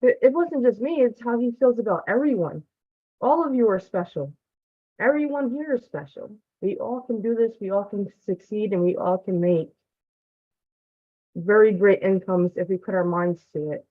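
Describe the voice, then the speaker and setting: A woman student in the community shares a heartfelt testimonial on a group call, earnest and near tears. Her medium-pitched voice moves at a moderate pace over a dry, tinny, phone-like line with no echo.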